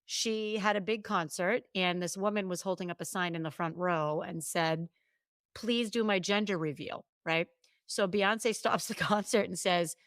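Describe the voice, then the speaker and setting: A woman co-hosting a podcast, telling stories in an animated, chatty way with quick asides and restarts. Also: mid-range voice, clear, resonant tone, no room sound, studio quality. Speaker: podcast co-host and coach. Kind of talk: casual podcast chat.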